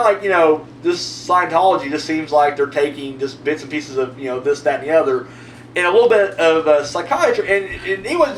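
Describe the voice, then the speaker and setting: A man hosting his own video channel, telling a long story in a rambling, profane, animated way. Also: high-pitched, distant mic. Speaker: video host answering viewer comments. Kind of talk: casual storytelling monologue. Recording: roomy echo, mic set back, faint hum.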